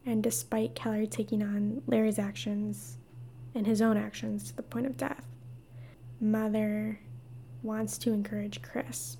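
A young woman hosts a solo podcast discussion, speaking slowly in a slightly high, mellow voice. Her tone has a gravelly fry, and her phrases keep fading into a breathy whisper. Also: slight background noise. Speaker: podcast host.

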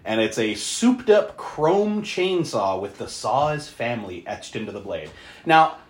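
A podcast co-host casually recapping a movie, animated, laughing often and swearing freely. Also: medium pitch, a little slow, reverberant.

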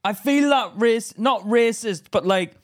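A man's voice: very high voice, unhurried. A man co-hosting a casual podcast, teasing and blunt, swearing freely. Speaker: podcast co-host. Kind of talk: casual chat.

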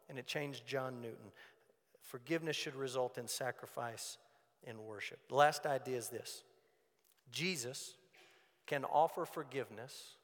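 A man preaching a sermon as pastor, in an earnest, conversational way. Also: mid-range voice. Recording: long church hall reverb.

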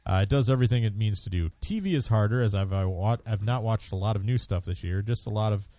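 A man's voice: lowish voice, quick pace, warm tone, dry recording. A man co-hosting a casual podcast chat, laughing often, swearing freely and reading listener posts aloud. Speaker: podcast co-host.

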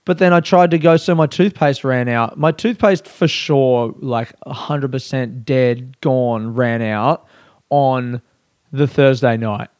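A man's voice: medium pitch, takes it slowly, darkish tone, no echo. A young Australian man doing a rambling, profane, self-mocking comic monologue in casual chat. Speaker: comedian.

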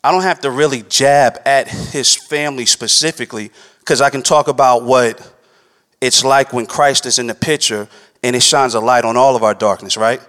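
A man's voice: medium pitch, steady tone, moderate pace, fairly bright tone. A man giving a conversational sermon, checking in with listeners and repeating scripture lines. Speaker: preacher. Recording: long hall reverb.

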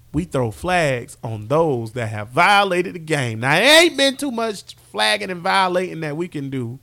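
A high-pitched man with a gravelly edge to his voice co-hosts a casual football podcast. He teases in loose, drawling slang and keeps the banter playful. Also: pushed and bright. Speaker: podcast co-host.

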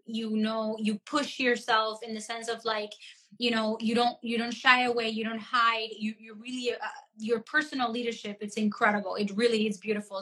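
A woman's voice: a little high, pushed and bright. A woman coach hosting a live chat, praising her guest and repeating her words as she goes. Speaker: host, coach. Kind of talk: casual chat on a live stream. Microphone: video call.

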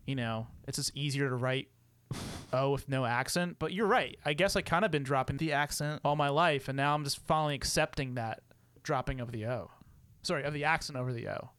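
Laughing, smooth-voiced male co-host. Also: mid-range voice, a little fast, a bit bright, no room sound. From United States. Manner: laughing often, rambling, playful. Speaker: podcast co-host. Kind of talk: casual chat.

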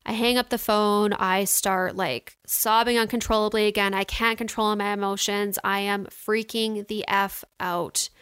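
A young woman vlogging about her week in a loose, chatty way, with lots of filler words. Her voice is smooth and clean and sounds close and dry, with no room around it. She sounds emotional, and her throat is getting a little sore. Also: mid-range voice, fairly even intonation, unhurried, hardly any pauses, a bit bright, no echo. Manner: chatty, many "like" and "you know" fillers. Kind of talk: casual storytelling to viewers.

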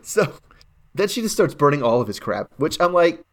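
A woman's voice: low voice, big pitch swings, moderate pace. A woman co-hosting a podcast, giving wry, sarcastic casual commentary on a reality show. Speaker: podcast co-host.

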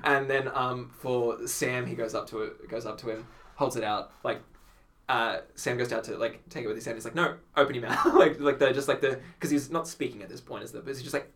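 A man appearing as a podcast guest tells animated stories in casual conversation, acting out quotes and laughing often. His voice is mid-range and fairly quick.

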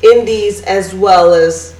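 A chatty woman co-host thinks aloud in a casual discussion. Her voice sits at a middle pitch, and the room gives it a roomy echo. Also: takes it slowly, darkish tone.

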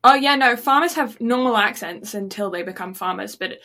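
A woman's voice: medium pitch, lively intonation, brisk, bright, forceful tone. A woman co-hosting a podcast, chatting casually and breaking into giggles, with a playful, joking manner. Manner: giggly, playful, bursts of laughter. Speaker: podcast co-host. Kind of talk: casual chat.

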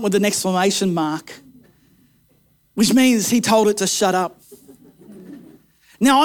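A male pastor preaches in an unusually high voice. He drops into hushed, intense stretches, then rises again into emphatic, repeated appeals. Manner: dramatic, swings between quiet intensity and rising emphasis. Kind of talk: sermon.

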